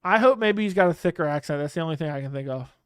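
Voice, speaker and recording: A man's voice: on the high side, lively intonation, racing, fairly bright tone, smooth, dry recording, studio quality. A man hosting a live stream, chatting casually and bluntly in loose slang while he reads out viewer comments. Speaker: livestream host. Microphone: studio microphone close up.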